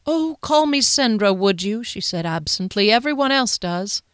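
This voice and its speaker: A woman's voice: mid-range voice, expressive, moderate pace, clear, resonant tone, dry recording, studio quality, natural voice. A woman voicing a worried middle-aged shopkeeper and mother, earnest and anxious, in a slightly raised voice. It is an audiobook reading.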